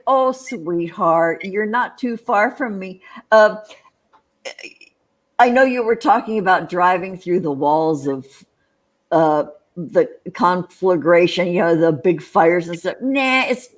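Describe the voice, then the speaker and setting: A woman co-hosting a casual livestream chat show, rambling with many restarts and quick laughs. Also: lowish voice.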